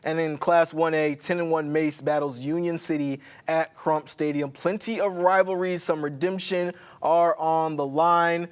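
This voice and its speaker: A man co-hosting a studio sports show, upbeat and teasing as he previews high school football games. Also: fairly even intonation, measured pace, hardly any pauses, clear, resonant tone.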